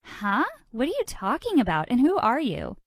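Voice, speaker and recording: A woman's voice: on the high side, wildly swooping pitch, moderate pace, no echo, clean studio sound, heavily acted. A woman voicing a puzzled, skeptical popular teenage girl.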